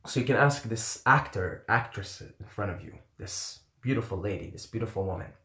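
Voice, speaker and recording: A man's voice: on the low side, animated, moderate pace, sharp tone, reverberant. A man giving casual dating advice to camera, rambling, swearing freely and repeating himself.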